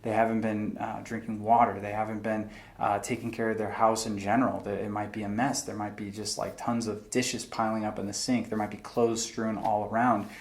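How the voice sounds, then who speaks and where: Young man, slightly low pitch, earnest, reflective, plain-spoken, talking to camera. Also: little pitch movement, fairly quick, few pauses. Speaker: faith video host.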